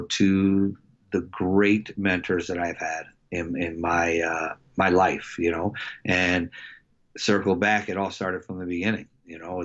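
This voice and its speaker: A middle-aged man, a wrestling coach, telling a story in a casual interview, reflective and halting with many fillers and restarts. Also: low voice, fairly bright tone, highs cut off. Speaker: wrestling head coach, podcast guest.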